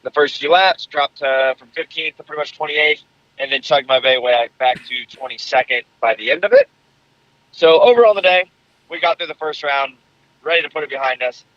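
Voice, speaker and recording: A man calls in to a podcast and talks fast in a bright, forceful voice. He rambles easily through his stories with plenty of fillers and a slight cough. The call line sounds muffled and a little dull. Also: fairly high pitch, no echo. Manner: relaxed, rambling storytelling with lots of fillers. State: coughing a bit. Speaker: guest motocross racer. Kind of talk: casual podcast chat. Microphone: remote call.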